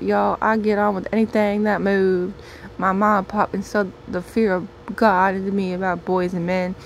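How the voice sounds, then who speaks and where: Woman storyteller, put-on twang, playful deadpan comic reading, faint hiss behind. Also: fairly low pitch.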